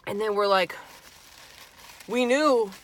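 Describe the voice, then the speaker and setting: A young woman vlogger telling a spooky story in casual chat, animated and swearing freely. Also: mid-range voice, takes it slowly. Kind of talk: casual storytime while eating.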